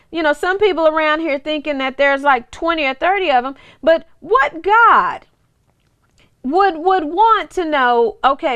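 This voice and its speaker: A woman minister in her forties delivers a chatty, down-to-earth teaching sermon in a high voice. She circles back on her words, restarts phrases, and tosses playful asides to the person behind the camera. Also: fairly bright tone. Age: 40s. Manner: repeats words and restarts often.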